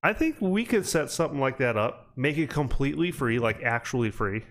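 A man's voice: medium pitch, animated, a little fast, fairly bright tone. Male podcast host, casual storyteller, loose and rambling. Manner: rambling storytelling with many fillers. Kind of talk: casual chat.

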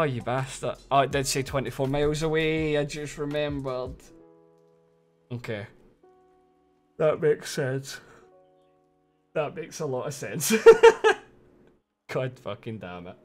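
A Scottish man streaming a game live, reacting excitably, swearing freely and laughing often. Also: mid-range voice. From Scotland. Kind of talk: live gaming commentary.

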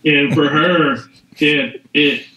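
Speaking slowly in a bright, forceful voice on the high side, this middle-aged CBD business owner is a podcast guest. His talk is casual and meandering, full of fillers and false starts. It's captured in an echoey room with a dull, lo-fi quality.

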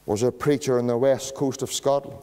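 A man preaching a sermon in a church, using slow dramatic pauses and dropping to a hush on key words. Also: medium pitch, fairly even intonation, clear, resonant tone. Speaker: pastor. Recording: long church reverb.

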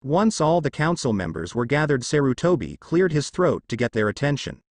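Man narrating with a lively pitch. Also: normal speed, hardly any pauses, dry recording. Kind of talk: fanfiction audiobook reading.

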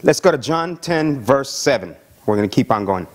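A male pastor preaching a sermon and praying, excited, with frequent repeated words and calls of "Amen?". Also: mid-range voice, normal speed. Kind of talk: sermon with Bible reading and prayer.

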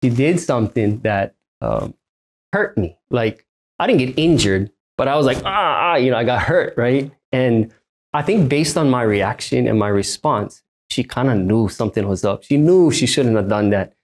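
A man's voice: mid-range voice, expressive, normal speed. A pastor in his thirties from Hawaii preaching a sermon, emphatic and fond of repeating his key lines.

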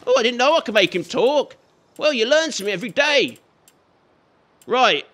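A man's voice: extremely high pitch, animated, normal speed, fairly bright tone. A man giving chatty let's play commentary, teasing and scolding the game and its characters as he plays. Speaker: gaming YouTuber.

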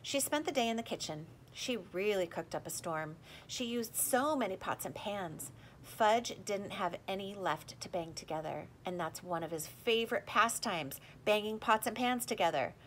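Lively woman reading a storybook. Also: medium pitch, normal speed, a little hiss or hum. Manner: lively, expressive reading, voicing the characters. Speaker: audiobook reader. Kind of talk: storybook narration with character voices.

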